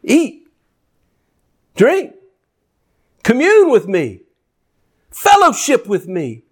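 A man in a sermon voicing God as a warm, inviting host, coaxing and homely. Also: very high-pitched, wildly swooping pitch, very slow, slightly rough, voice pushed up, exaggerated voice.

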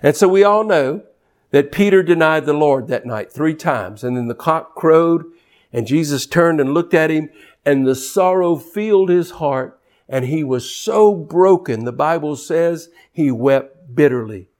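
Man, preacher, high-pitched, impassioned sermon, rises and falls in intensity. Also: unhurried, darkish tone. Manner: impassioned, swinging between low intensity and high rising emphasis; repeats words when building a point.

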